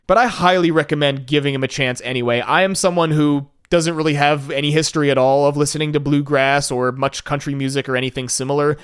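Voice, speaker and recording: A man's voice: a little high, fairly even intonation, quick pace, few pauses, clean tone, no echo, studio quality. A man hosting a solo podcast in a casual, enthusiastic, laid-back way, with some casual swearing. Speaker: podcast host.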